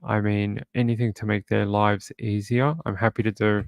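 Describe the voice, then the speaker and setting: A man with a low, gravelly voice hosts a true crime livestream from home. He chats casually and reads viewer comments aloud, and the sound is close and dry. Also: level tone, moderate pace, no echo.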